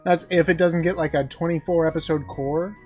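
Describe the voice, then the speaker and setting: A man giving a casual anime episode recap, talking like an excited fan, chuckling often and acting out quotes. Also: on the high side, a little fast, faint music behind. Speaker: anime reviewer.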